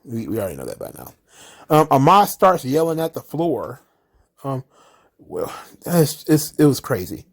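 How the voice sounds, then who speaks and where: His mid-range, creaky voice carries a relaxed solo wrestling commentary. He's animated throughout, lampooning wrestlers with quick impressions.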